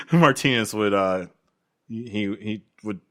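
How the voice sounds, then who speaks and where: Lower-voiced laid-back male co-host. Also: expressive, fairly bright tone. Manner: laid-back, quick agreeing interjections. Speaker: podcast co-host. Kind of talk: casual movie podcast chat.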